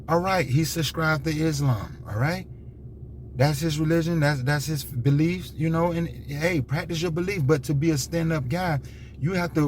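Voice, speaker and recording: Speaking off the cuff, an American commentator rambles repetitively, restarting emphatically and leaning on lots of fillers. His voice is fairly high-pitched, with slight background noise.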